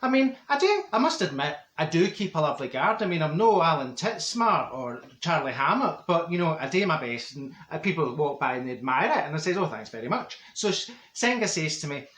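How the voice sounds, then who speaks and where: A man's voice: fairly high pitch, sing-song, a little fast, few pauses, fairly bright tone. A man playing a chatty Glasgow auntie. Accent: Glaswegian Scottish. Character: chatty middle-aged Glasgow woman, straight-talking gossip. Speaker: comedy character monologue. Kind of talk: comic storytelling to camera. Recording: roomy echo.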